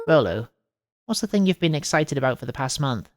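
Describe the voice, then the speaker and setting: A woman's voice: very deep voice, lively intonation, moderate pace, a little mellow, no room sound, clean studio sound, soft background music. A woman streamer playing a story game, joking around and reading the kids' lines with playful voices. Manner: jokey, laughs often, reads kids' lines with voices. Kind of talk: playful let's-play commentary and character reading.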